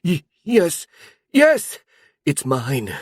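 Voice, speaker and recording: A man voicing a terrified young male sorcerer who stammers in a high, shaky voice. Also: wildly swooping pitch, drawn-out words, no echo, studio quality, full character voice. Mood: panicked. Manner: stammering, high-pitched panic.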